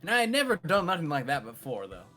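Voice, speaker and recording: A man's voice: a little high, wildly swooping pitch, fast, sharp tone, soft background music, full character voice. A man playing a folksy cowboy drifter. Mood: defensive. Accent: put-on Old West drawl. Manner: folksy, rambling. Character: folksy male cowboy drifter, would-be singer. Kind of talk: murder mystery role-play over voice chat.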